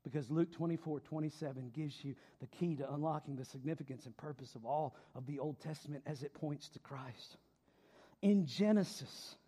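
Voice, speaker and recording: Male preacher, middle-aged, high voice, dramatic dynamics, drawn-out emphasis. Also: slightly rough. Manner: emphatic, swings from loud shouts to low quiet delivery. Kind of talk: sermon.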